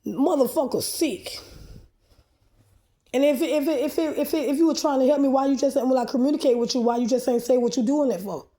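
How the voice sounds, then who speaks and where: A woman delivers a rambling monologue to her own camera, agitated and confrontational, swearing freely. Her voice sits a little high for a woman yet sounds dark and mellow. She stumbles, restarts and repeats words as she pushes on. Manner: agitated, profane, confrontational ranting. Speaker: vlogger posting a video.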